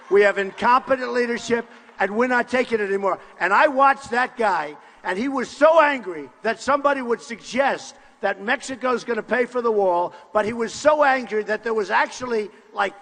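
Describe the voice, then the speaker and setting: An older man giving a boastful, repetitive campaign rally speech in short punchy phrases, often shouting to the crowd. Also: high-pitched. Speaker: political candidate at a rally. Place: large university hall with crowd. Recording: long hall reverb from a live rally.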